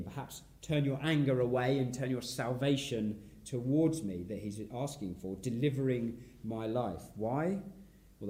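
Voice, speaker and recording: A man preaching an expository sermon in a reflective way, his voice sinking softly at the ends of phrases. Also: mid-range voice, normal speed. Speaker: pastor.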